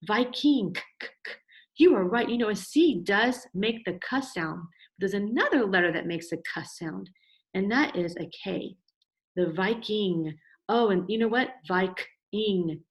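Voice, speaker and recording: A middle-aged woman teacher talks parents through a child's writing with steady encouragement. She praises often and slows right down to sound out each letter and word. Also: mid-range voice. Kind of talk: instructional video for parents.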